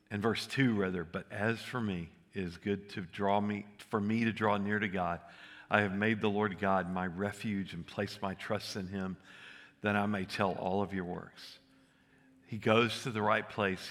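A man's voice: lowish voice, a bit bright. An older man preaching a sermon, telling folksy stories and joking with the congregation. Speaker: pastor.

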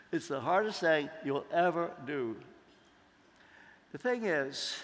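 A man preaching a sermon, slow and deliberate, leaning on emphatic pauses. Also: on the high side, fairly bright tone. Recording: long hall reverb.

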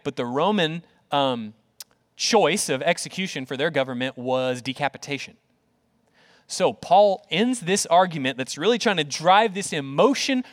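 A man preaching a conversational, animated sermon, full of rhetorical questions, in a church auditorium. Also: high-pitched, long reverb tail. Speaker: pastor.

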